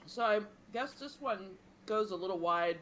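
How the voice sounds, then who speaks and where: A woman's voice: medium pitch, expressive, moderate pace, a bit bright, slight background noise. A woman playing a tabletop game, hesitantly narrating her character's actions with many ums. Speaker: player.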